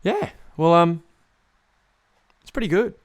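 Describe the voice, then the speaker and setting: A man's voice: fairly high pitch, very animated, slow. Male podcast host: loose, casual, rambling storyteller who swears and restarts sentences. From Tasmania, Australia.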